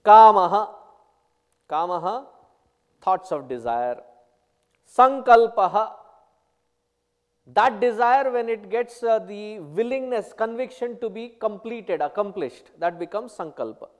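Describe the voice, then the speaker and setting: A man giving a spiritual talk, telling stories and explaining terms one by one in an unhurried way. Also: high voice, animated, in a large hall. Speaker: spiritual teacher. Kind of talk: spiritual discourse with anecdotes.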